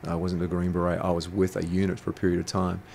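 A man guesting in an interview, an intuitive coach, speaks fast in a low, monotone voice with vocal fry and a darkish tone. He tells his stories bluntly and provocatively, swearing freely, against slight background noise.

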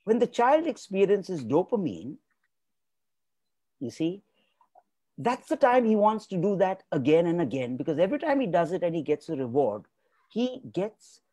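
Man, guest expert, motivational talk, emphatic, very animated pitch, dry close sound. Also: moderate pace, pauses often, no echo. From India. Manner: emphatic, repeats key words for stress.

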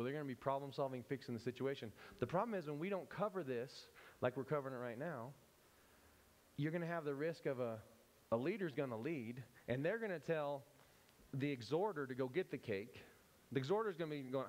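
A man teaching at a church service, animated and playful, often breaking off and restarting as he acts out examples. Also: mid-range voice, a little fast. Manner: animated, self-interrupting, playful. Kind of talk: church teaching with acted-out scenes.

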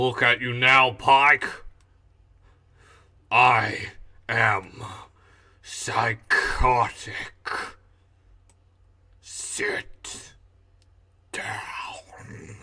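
A man doing a slow, menacing fat psycho. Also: fairly low pitch, bright, forceful tone, exaggerated voice.

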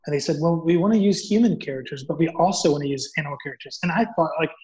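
A man telling a story as a guest author, acting out the dialogue in an animated way. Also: a little high, very fast. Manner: animated, acts out quoted dialogue. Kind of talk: storytelling in an interview. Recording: dull lo-fi audio.

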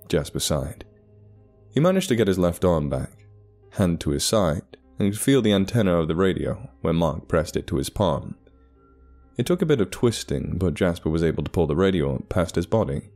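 Deep, mellow man narrating horror: measured and deliberate. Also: sing-song, faint music behind.

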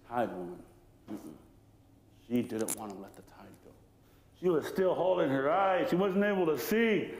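A male storyteller tells a traditional legend aloud at a live talk. His voice sits high and swings widely as he narrates playfully at an unhurried pace. The sound echoes around a lecture hall. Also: expressive.

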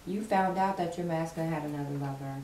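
A woman's voice: sits low, fast, far from the mic. A woman doing a casual tarot reading in an emphatic, sassy manner, repeating her points for effect. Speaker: tarot card reader. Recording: roomy, from afar, faint hiss.

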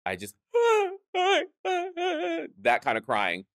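Drag performer guest, male, fairly low voice, lively storyteller, dry studio mic. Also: moderate pace, no echo. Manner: animated, acts out quoted voices, laughs often. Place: podcast studio.

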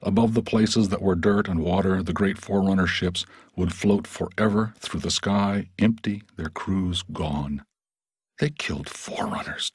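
Deep, husky male audiobook narrator. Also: no room sound.

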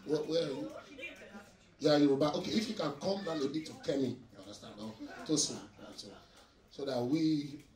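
Laughing as he ribs the audience, a young Nigerian-accented comedian works the crowd live at a noisy nightclub, speaking at a moderate pace in a fairly high voice. He uses a handheld mic, but the sound is distant and echoey, and cheers and laughter fill the background.

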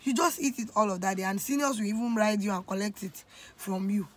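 A woman's voice: medium pitch, fairly quick. A young Nigerian woman in her twenties tells a personal story on her vlog, confiding and emotional, often turning to speak straight to her viewers. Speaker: vlogger.

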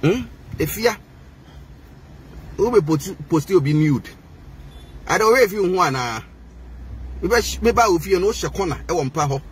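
A man's voice: high voice, animated, moderate pace, pauses often, breathy edge. A man with a Ghanaian accent delivering a heated, mocking rant to the camera, switching between languages. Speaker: social media personality.

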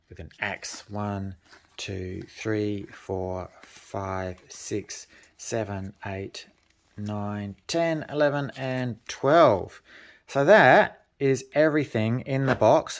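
A man hosting a board game unboxing, counting cards aloud at an easy pace and chatting in casual asides with frequent fillers. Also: fairly low pitch.

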